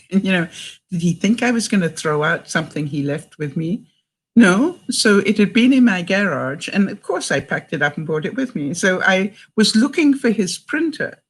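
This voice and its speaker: A woman's voice: fairly low pitch, husky. Older canadian lady vlogging, chatty, laughs a lot, voice bounces up and down. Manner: chatty storyteller who laughs often between sentences; reads out sayings and quotes. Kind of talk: casual chat to viewers.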